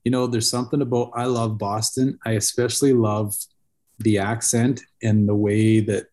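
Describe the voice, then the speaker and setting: Profane, rambling guy, mellow voice. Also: lowish voice, flat delivery, moderate pace. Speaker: podcast co-host. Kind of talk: casual podcast chat.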